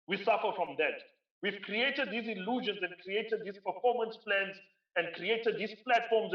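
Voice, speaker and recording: A South African man giving a conference keynote speech, emphatic and driving points home by repeating phrases. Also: high voice. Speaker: keynote speaker. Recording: roomy, distant, dull lo-fi sound.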